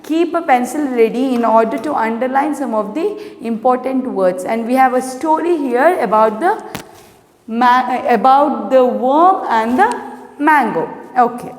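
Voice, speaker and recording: Slow, echoey teacher woman. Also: sits high, expressive. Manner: asks the class many questions, slow and clear. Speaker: primary school English teacher. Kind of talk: online video lesson. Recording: echoey room with long reverb.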